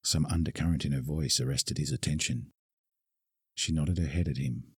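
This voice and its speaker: A man narrating a novel in a measured audiobook reading. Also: very deep voice, fairly even intonation, breathy edge, dry recording, clean studio sound.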